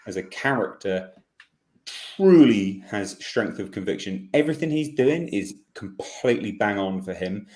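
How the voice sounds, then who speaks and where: Man, lowish voice, blunt, emphatic panelist. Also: expressive, measured pace, darkish tone. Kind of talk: casual panel chat.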